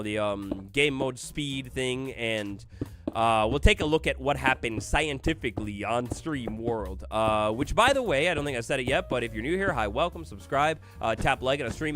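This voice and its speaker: A man's voice: mid-range voice, a bit bright. A man chatting casually on a gaming livestream, answering viewer comments aloud as he goes. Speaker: gaming streamer.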